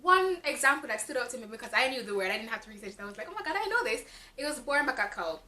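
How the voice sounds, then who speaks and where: A woman's voice: a little high, lively intonation, racing, bright, forceful tone. A woman from Jamaica with a Jamaican accent, giving a frank, exasperated casual book review with lots of fillers. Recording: echoey room.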